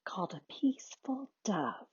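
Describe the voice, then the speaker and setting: A woman's voice: mid-range voice, sing-song, measured pace, slightly rough, no echo, dull audio, full character voice. A woman voicing a shy little girl who speaks in whispers, in a storybook reading. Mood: timid.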